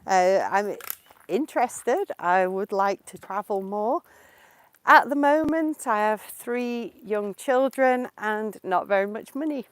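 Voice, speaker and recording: A woman's voice: mid-range voice, lively intonation, no room sound. A woman, answering viewer questions in a casual live-stream lesson while walking outdoors in the countryside. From England. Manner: slow, clear and explanatory, answering viewer questions. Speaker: English teacher. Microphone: portable mic while walking.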